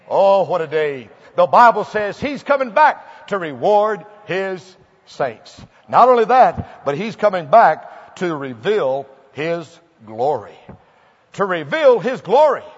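A man preaching a revival sermon, telling folksy stories and building to fervent shouting. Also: high voice. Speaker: pastor. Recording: muffled old recording in a large hall.

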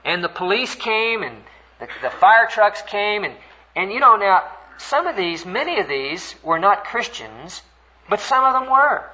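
An older man preaching a sermon, earnest and animated as he tells a story, voice climbing high when stirred. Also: unhurried. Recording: dull, lo-fi recording.

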